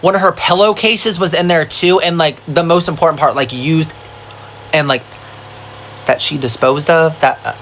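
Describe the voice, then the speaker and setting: A mid-range voice talks a little fast over slight background noise. The storyteller in this casual storytime video swears constantly and drops "like" into every sentence, acting out what other people said in a chatty, dramatic, animated retelling.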